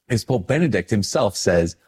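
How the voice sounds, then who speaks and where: A man's voice: lowish voice, breathy edge. A man, a priest hosting a video, talking casually and animatedly, self-deprecating and searching for words as he goes. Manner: animated, self-deprecating, acting out his own reactions. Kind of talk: casual talk to camera.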